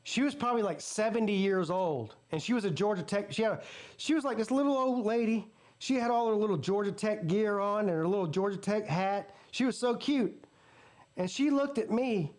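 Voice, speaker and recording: High-voiced, profane football fan host. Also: male voice, expressive, normal speed, darkish tone. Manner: casual, profane, ranting. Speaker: sports channel host. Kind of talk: live game watch-party commentary and storytelling.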